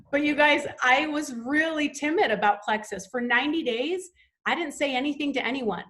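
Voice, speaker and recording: A woman's voice: high-pitched, lively intonation, normal speed, a bit bright. A woman hosting a sales team call, talking in an enthusiastic, gushing, motivational way.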